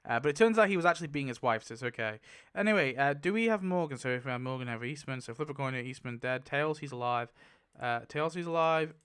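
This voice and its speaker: A man giving casual, excitable commentary while spinning a wheel, laughing often and mumbling lists to himself. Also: mid-range voice, fast, hardly any pauses, smooth. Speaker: YouTuber.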